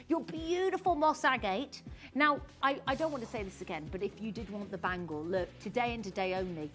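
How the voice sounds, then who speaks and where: A woman presents jewellery on a live shopping channel, gushing and giggly. Her voice is high and jumps around a lot. Faint music plays under her sales pitch. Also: a bit bright.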